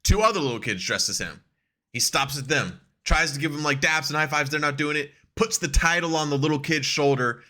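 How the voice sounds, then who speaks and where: A man's voice: a little high, a little fast, sharp tone. A young man co-hosting a podcast, ranting in casual chat, swearing often and laughing a lot. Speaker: podcast co-host.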